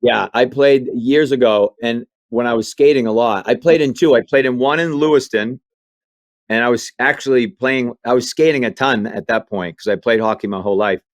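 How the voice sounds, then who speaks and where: A man from Maine telling comic stories in a relaxed podcast chat. His voice sits at an everyday pitch, and he jumps in and out of quoted voices. The sound is dry and close to the mic. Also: moderate pace, no echo, dull audio. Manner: animated storyteller acting out quoted voices. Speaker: comedian guest. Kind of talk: storytelling interview chat.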